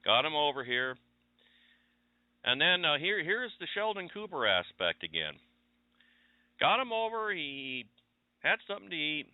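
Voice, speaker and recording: A man's voice: fairly high pitch, sing-song, unhurried, pauses often, dry recording. A radio show host chatting casually and telling rambling stories about his week. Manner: rambling, conversational storytelling. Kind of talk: casual chat monologue. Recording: tinny phone-line audio.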